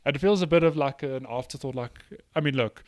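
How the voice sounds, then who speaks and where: A man co-hosting a casual gaming podcast, easygoing and quick to laugh, with frequent hesitant fillers on a close, dry mic. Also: mid-range voice, dry recording. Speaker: podcast co-host.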